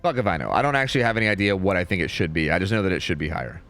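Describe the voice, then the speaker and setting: A man's voice: deep voice, expressive, racing, a bit bright, faint music behind. A young man streaming, ranting casually in a rambling way, full of "like" and "dude" and some swearing.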